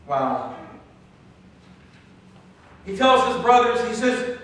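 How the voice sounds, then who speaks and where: A man's voice: high-pitched, lively intonation, unhurried, pushed and bright, recorded from a distance. A male pastor preaching a sermon in a church, telling the story dramatically and acting out its scenes. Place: church sanctuary. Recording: echoey church hall, mic from afar.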